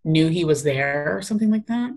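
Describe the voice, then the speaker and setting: A woman co-hosting a casual podcast chat over a video call, chatty and quick to laugh. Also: sits low, expressive, gravelly, a little mellow. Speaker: podcast co-host.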